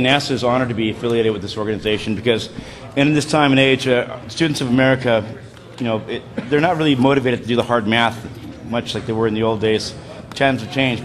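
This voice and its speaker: A man announcing a live student robot competition, jokey and excitable. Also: medium pitch. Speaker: event announcer. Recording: live crowd noise.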